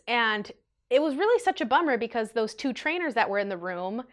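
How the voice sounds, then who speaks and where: A woman in her twenties telling an animated, chatty storytime vlog to her viewers. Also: on the high side, a little fast. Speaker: vlogger.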